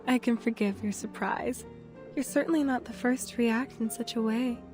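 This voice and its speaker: A silky, mysterious hostess, voiced by a woman, gracious and smooth. Her voice sits a little high. Music plays clearly underneath. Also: fairly even intonation, moderate pace, darkish tone, close to an everyday voice.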